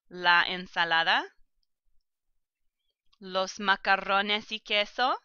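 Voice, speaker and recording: A woman teaching a vocabulary lesson, pronouncing each word slowly and carefully and giving plain instructions to her students. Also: mid-range voice, pushed and bright, clean tone, no echo, dull audio. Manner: slow, careful pronunciation of vocabulary. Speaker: language teacher.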